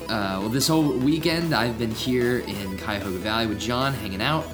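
A man's voice: medium pitch, normal speed, music in the background. Chatty young man hosting a podcast. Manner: chatty, rambling, laid-back. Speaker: podcast host. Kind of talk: casual podcast chat.

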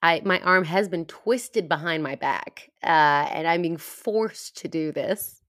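Giggly woman, low voice. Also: slow. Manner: giggly, animated, self-deprecating. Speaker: podcast guest. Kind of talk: casual conversation.

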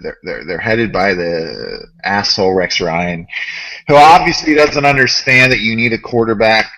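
Bright-voiced man ranting on a podcast. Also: lowish voice, normal speed, poor audio. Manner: animated, profane ranting. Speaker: podcast co-host. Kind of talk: casual gaming podcast chat.

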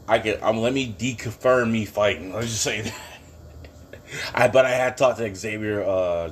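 A man's voice: fairly low pitch, slight background noise. A man hosting a casual solo podcast from his kitchen, rambling and swearing, breaking into bursts of laughing outrage. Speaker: podcast host. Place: home kitchen.

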